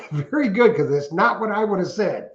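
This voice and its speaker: A middle-aged man with a fairly high voice chats casually as co-host of a livestream. He reads out viewer comments and tells rambling, jokey stories, laughing at his own punchlines. The sound is roomy and a bit dull, like lo-fi stream audio. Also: animated, normal speed. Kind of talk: casual chat.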